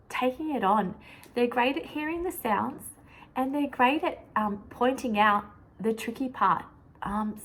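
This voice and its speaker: A young woman, a teacher showing how she teaches a lesson, with a clear, sing-song classroom voice that sounds out words slowly. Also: a little high, a bit bright, slight background noise, low-quality recording.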